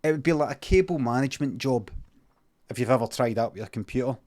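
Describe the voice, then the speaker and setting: A man with a Scottish accent telling an improvised comic story on a livestream, rambling and deadpan with many asides. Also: mid-range voice, fast. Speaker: comedian and streamer.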